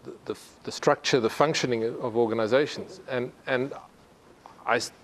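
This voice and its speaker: A middle-aged man from Africa, giving a conversational lecture full of halting restarts. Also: mid-range voice, steady tone. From South Africa. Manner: halting, frequent restarts and repeated words. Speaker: university presenter.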